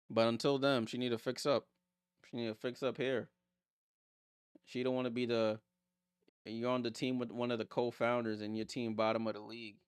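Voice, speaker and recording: A man runs a casual live watchalong stream, calling plays and reading viewer comments aloud, then answering them with blunt, teasing remarks. His medium-pitched voice sounds clean, captured in a dry studio recording.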